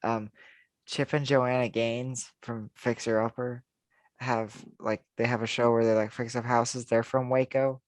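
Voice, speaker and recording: A man's voice: mid-range voice, little pitch movement, unhurried, no room sound. A man co-hosting a casual podcast chat, rambling with lots of fillers and frequent laughs. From United States. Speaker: podcast co-host.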